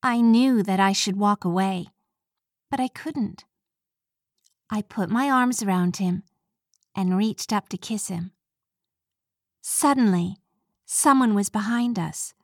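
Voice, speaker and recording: A woman narrating a first-person storybook chapter in a slow, clear, careful reading voice. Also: medium pitch, no room sound, clean studio sound. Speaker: audiobook narrator.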